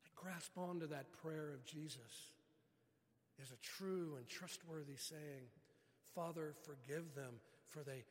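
A man's voice: a little high, takes it slowly, in a large hall. A man preaching a sermon as pastor, earnest, stretching key words for emphasis.

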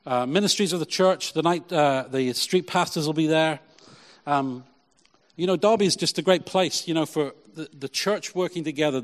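Male pastor, lively preaching, church hall, long reverb tail. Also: on the high side. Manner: lively preaching, repeated "Lord" in prayer. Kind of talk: sermon.

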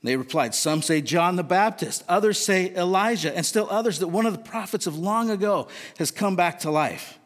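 A man with a high voice preaches a sermon, earnest and conversational, asking his listeners questions as he goes. His words ring out with a long echo around a large church hall. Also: lively intonation, normal speed, hardly any pauses. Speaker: pastor.

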